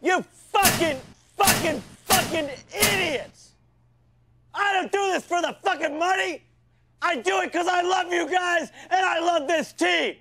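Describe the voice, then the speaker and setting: A man playing a shrill, gravelly, hot-tempered football coach. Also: measured pace, a little hiss or hum, heavily acted. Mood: ranting. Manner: yelling insults at players. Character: foul-mouthed abusive male football coach, hot-tempered. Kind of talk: comedy sketch rant.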